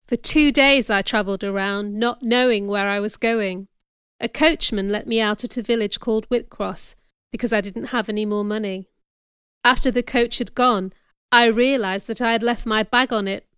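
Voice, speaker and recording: Smooth-voiced woman reading a story. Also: on the high side, fairly even intonation, normal speed, a bit bright, no room sound, clean studio sound. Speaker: narrator. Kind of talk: scripted audiobook narration.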